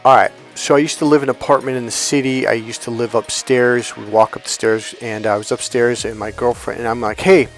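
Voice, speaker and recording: A man with a medium-pitched, level voice talks fairly quickly with almost no pauses over soft background music. It's a motivational coaching monologue about dating and relationships, delivered bluntly and profanely. He tells stories and acts out the voices of the people in them.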